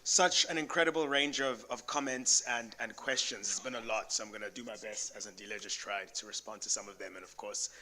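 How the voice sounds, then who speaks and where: A man's voice: fairly low pitch, fairly quick, hardly any pauses, bright, forceful tone. A man from South Africa answering audience questions on a conference panel, thoughtful and conversational, often correcting himself as he goes. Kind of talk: academic panel response. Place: conference venue.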